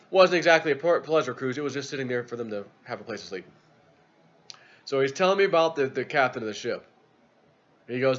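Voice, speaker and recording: A man casually telling a rambling story as a YouTube vlogger. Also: highs cut off. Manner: rambling, low-key.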